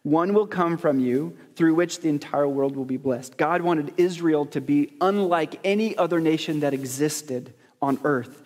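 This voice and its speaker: A man's voice: on the high side, a little slow, hardly any pauses, a little mellow. A man preaching a sermon as pastor, talking in a conversational, joking way and putting questions to the congregation. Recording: long hall reverb.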